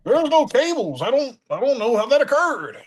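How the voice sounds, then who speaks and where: Startled studio engineer, male, high and slow, as a storyteller puts him on. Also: very animated, heavily acted.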